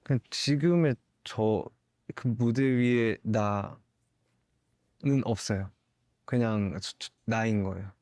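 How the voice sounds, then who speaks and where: A young man, a singer, giving candid interview answers in a thoughtful, halting way with soft laughs. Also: lowish voice, steady tone, no echo, studio quality.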